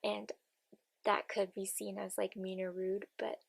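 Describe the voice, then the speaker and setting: Gravelly, husky young woman vlogging. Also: mid-range voice, flat delivery, unhurried, no echo. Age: young adult. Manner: chatty, rambling, many filler words. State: groggy morning voice, sniffly. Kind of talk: casual vlog chat. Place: home, early morning.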